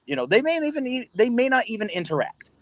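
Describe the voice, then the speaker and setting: A man, a guest on a podcast, tells a story in a casual, animated way, laughing often and swearing freely. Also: very high-pitched, fast, no room sound. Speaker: podcast guest, pro wrestler. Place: podcast studio.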